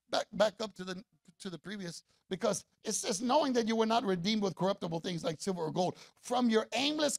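Husky preacher guy, kinda high voice, call and response, gets loud. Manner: rousing call-and-response preaching, rising to shouts. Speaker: pastor. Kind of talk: sermon.

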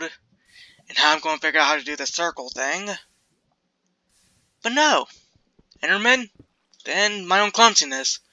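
Young male gamer, high and very bright voice, dry close mic, chatty and self-mocking. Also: dry recording, muffled recording. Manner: chatty, jumpy, self-mocking, laughs often. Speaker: gaming video creator. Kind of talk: casual Minecraft commentary.

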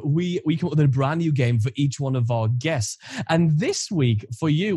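A man's voice: a little high, darkish tone, husky, no echo. A man hosting a podcast interview, chatty and playful as he asks questions. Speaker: podcast host. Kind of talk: casual interview chat.

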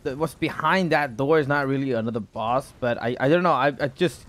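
A man's voice: medium pitch, fairly quick, a bit bright. A man giving live gameplay commentary as a gaming YouTuber, rambling and repeating words, with frequent exclamations. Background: background music.

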